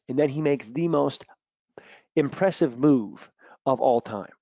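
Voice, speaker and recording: A man coaching athletes in a lively webinar talk, telling stories and acting out quotes loudly. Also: mid-range voice, moderate pace, no echo, highs cut off. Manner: animated storytelling with loud acted-out quotes. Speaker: mental performance coach. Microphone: video call.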